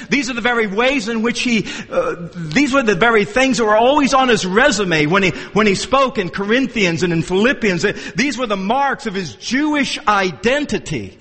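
A man's voice: sits high, lively intonation, normal speed, few pauses, a bit bright, in a large hall. A man preaching an expository sermon, emphatic and repetitive, often restarting his sentences mid-thought. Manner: emphatic, repeats phrases for stress. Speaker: pastor.

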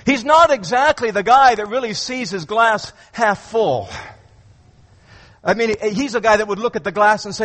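A man with a high voice preaches in a large church, his words trailing off in a long hall reverb. He delivers the sermon with emphatic, dramatic swings in pitch and volume, and he stumbles through repeated words as each thought starts. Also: moderate pace, fairly bright tone. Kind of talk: expository sermon.

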